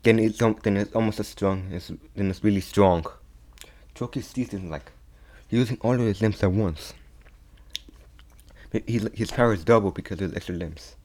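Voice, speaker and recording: A young man casually retelling a fan-made story, halting often and restarting his sentences. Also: on the low side, a little mellow. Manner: halting, many restarts and repeats.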